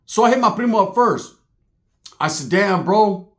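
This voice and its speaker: A man's voice: high-pitched, expressive, moderate pace. A man telling a street story in a casual, profane way, laughing and acting out the people in it. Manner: streetwise, profane, laughing, acts out other voices.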